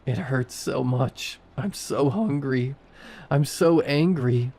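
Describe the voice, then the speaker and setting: Katie, a man voicing a raspy undead girl. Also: mid-range voice, warm tone. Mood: pleading. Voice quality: raspy, wet. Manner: slow, pleading then hissing. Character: undead hungry teenage girl ghoul.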